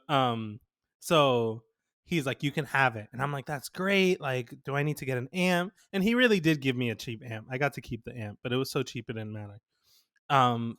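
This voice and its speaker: A man's voice: medium pitch, no echo, studio quality. Laughing young man telling a story. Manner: animated storyteller, laughs often, quotes people. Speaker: podcast co-host. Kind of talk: casual chat.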